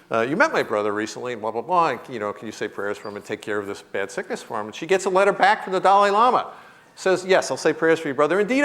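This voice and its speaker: This university guest lecture comes from a man in his fifties who plays the comic storyteller, voicing the people in his anecdotes and often laughing. His voice sits on the high side with a fairly bright tone.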